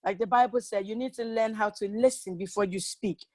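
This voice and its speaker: A woman's voice: medium pitch, fairly quick, darkish tone, no room sound. A woman speaking at a relationship seminar, telling her own experiences in a candid storytelling manner and acting out the lines people said to her. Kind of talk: personal testimony talk.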